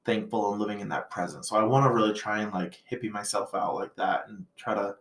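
A man's voice: lowish voice, fast, fairly bright tone. A man in his thirties hosting a casual podcast chat, reflective and rambling, with plenty of filler words. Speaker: podcast host. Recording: roomy echo.

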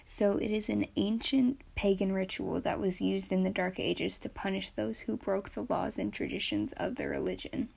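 A woman's voice: medium pitch, fairly even intonation, normal speed, creaky, few pauses, darkish tone, breathy edge. A young woman hosting her first podcast, sounding a bit nervous and earnest. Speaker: podcast host. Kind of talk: casual solo podcast intro.

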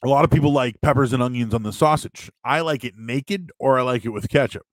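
A man's voice: mid-range voice, fairly quick, dry recording. A man hosting a live stream, answering chat questions in a casual, rambling and joking way with frequent restarts. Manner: animated, joking, restarts a lot.

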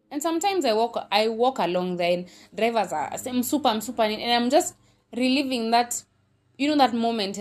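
A young woman with a Kenyan accent hosting her own podcast, talking candidly in a rambling, casual monologue full of fillers and self-corrections. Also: mid-range voice. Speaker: podcast host.

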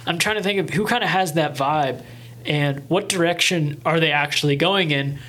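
A man's voice: a little high, normal speed, a bit bright. A young man co-hosting a podcast, chatting enthusiastically and rambling with restarts. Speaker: podcast co-host. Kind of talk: casual chat.

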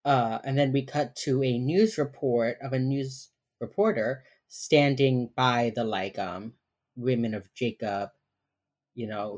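A woman's voice: very deep voice, a little mellow. A young woman co-hosting a podcast, chatting casually through a TV episode recap, swearing freely and acting out the characters' lines. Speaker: podcast co-host.

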